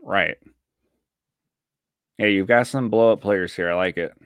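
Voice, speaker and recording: A man co-hosting a podcast in a loose, jokey chat, his voice sitting a little low. The sound is dry and close, with no room around it. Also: a little slow, smooth, no echo. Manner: animated, jokey. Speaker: podcast co-host. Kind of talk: casual chat.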